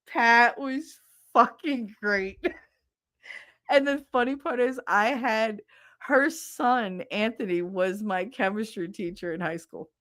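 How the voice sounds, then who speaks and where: A middle-aged woman hosting a livestream, telling a profane, animated story and laughing often. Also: on the high side, unhurried, no room sound, studio quality. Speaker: livestream host. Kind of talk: casual storytelling.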